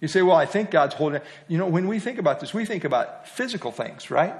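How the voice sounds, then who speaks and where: Middle-aged guy teaching bible study, chatty, tosses questions at the group, kinda high voice. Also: animated, fast talker. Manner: conversational, asks the group questions.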